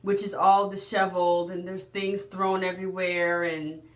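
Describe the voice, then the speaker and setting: A woman's voice: fairly low pitch, flat delivery, normal speed, roomy sound. A woman casually recapping a drama episode, chatty and emotional with lots of fillers and restarts. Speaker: drama reviewer.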